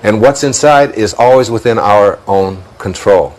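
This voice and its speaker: A man's voice: fairly low pitch, a little slow, a little mellow, low-quality recording. A man with a Detroit accent, speaking as a guest in a reflective spiritual interview, musing aloud, chuckling often and repeating words as he thinks.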